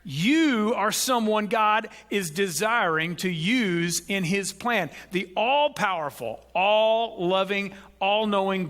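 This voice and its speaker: A man preaching a sermon, acting out quoted prayers with lively shifts in his voice. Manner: animated, acts out quoted prayers with rising pitch.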